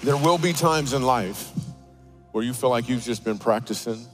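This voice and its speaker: A man's voice: medium pitch, moderate pace, soft background music. Man delivering a comedic sermon. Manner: animated storytelling with playful asides. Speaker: guest speaker. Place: church auditorium.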